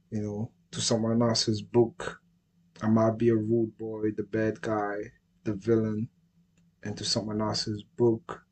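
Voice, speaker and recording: On his own livestream, a man with a lowish, darkish voice talks in a laid-back, slangy way, often checking that listeners are following him. The low-quality recording carries a little hiss or hum.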